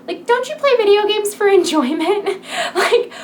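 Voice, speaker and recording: A woman's voice: very high voice, expressive, normal speed, slight background noise. A woman vlogger chatting casually to her viewers, peppy and rambling with giggles, wired on coffee late at night. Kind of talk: casual chat to camera.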